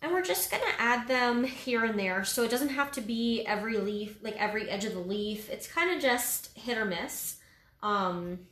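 A woman's voice: a little high, lively intonation, moderate pace, fairly bright tone. A woman giving a casual step-by-step painting tutorial, easygoing and full of little fillers. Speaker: painting instructor. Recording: roomy echo.

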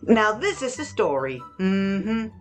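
A young woman with a Hong Kong accent, teaching phonics to children in a lively, expressive way, often repeating words. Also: mid-range voice, slow, faint music behind. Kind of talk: lively teaching talk for kids.

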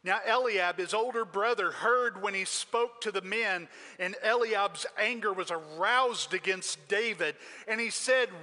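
A male pastor preaches with emphatic storytelling, his voice high-pitched and bright. A long reverb from the sanctuary trails every phrase. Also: a little slow, few pauses. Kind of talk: sermon.

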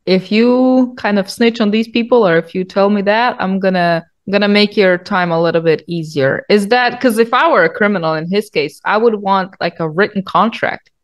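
A woman's voice: mid-range voice, normal speed, few pauses. A woman interviewer asking curious follow-up questions. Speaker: interviewer host.

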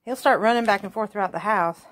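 A woman in her forties with a Southern US accent, filming at home on a phone and talking to her pet in high, playful baby talk. She laughs often. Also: fast talker. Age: 40s. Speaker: crafting vlogger. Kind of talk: casual home video chat. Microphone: phone held in hand.

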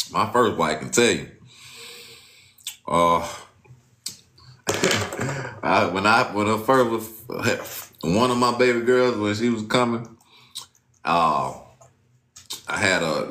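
Here a man preaches informally with a roomy sound around him. He alternates between shouted exclamations and mumbled asides, reading scripture and talking in loose, slangy language.

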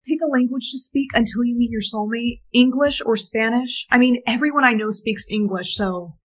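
A woman's voice: a little high, moderate pace. A young woman acting in comedy skits with a plaintive, put-upon delivery. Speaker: skit performer.

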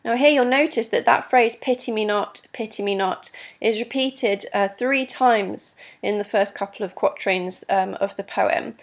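Female teacher voice, mid-pitched, patient and clear, explaining step by step. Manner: clear, patient, many ums, stresses rhythm aloud. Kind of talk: recorded exam lesson explaining poetry.

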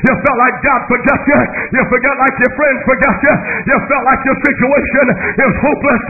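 A male minister preaching a fiery holiness sermon to a church congregation. He speaks in a rhythmic, chanting cadence with shouted cries and whoops, then drops to low murmurs between the shouted runs. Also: little pitch movement, fairly quick, hardly any pauses, soft background music. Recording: tinny phone-like sound with faint noise.

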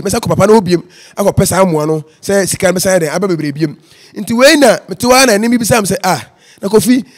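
A man with a Ghanaian accent, an evangelist telling his life story as an interview guest and slipping English phrases into his talk. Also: high-pitched. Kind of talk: personal testimony in casual interview.

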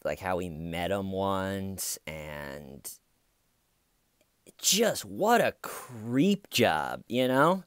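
A man with a lowish voice giving sarcastic commentary as a YouTuber. He jokes in a casual, conversational way and takes his time. The recording is dry and close. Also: big pitch swings, drawn-out words, fairly bright tone, smooth, dry recording. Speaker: YouTube true-crime commentator.

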